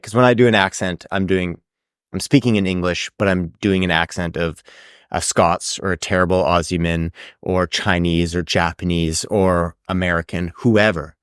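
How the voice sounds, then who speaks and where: A man's voice: deep voice, smooth, no echo, studio quality. A man with a Canadian accent, co-hosting a casual podcast chat, swearing freely and restarting his sentences. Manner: swears a lot, restarts, animated. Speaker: podcast co-host.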